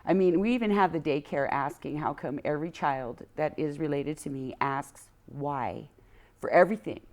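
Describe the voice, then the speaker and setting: A woman on a podcast, chatting casually and telling lively, playfully exaggerated stories. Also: low voice, normal speed. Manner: lively storyteller, exaggerates for fun. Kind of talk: casual chat.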